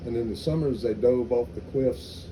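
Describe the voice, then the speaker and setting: A man's voice: medium pitch, moderate pace, mellow, slight background noise, rough recording. An older man, a veteran, recalling his army days in an oral history interview, telling anecdotes with many restarts. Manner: rambling anecdotal storytelling with restarts.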